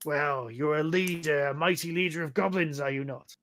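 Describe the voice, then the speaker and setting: A man's voice: a little high, normal speed, a bit bright, no room sound, clean studio sound. A man voicing a cold, mocking male hobgoblin commander who gives orders in a tabletop game.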